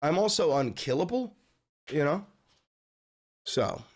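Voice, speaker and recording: A man hosting a live stream and reacting to the news, swinging between yelling, profane outbursts and low muttering. He swears constantly. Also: very animated, slow, husky. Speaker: livestream host reacting to news.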